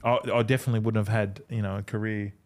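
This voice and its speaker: This podcast guest, a middle-aged former rugby league footballer from Australia, speaks quickly with a low, level, darkish voice. Chatting casually, he tells stories, curses freely, and performs the lines of the people in them.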